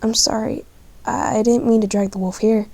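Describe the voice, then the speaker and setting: A woman's voice: on the high side, fairly even intonation, normal speed, a little mellow. A woman voicing a young she-cat who talks hesitantly and stammers as she apologizes. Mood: unsure.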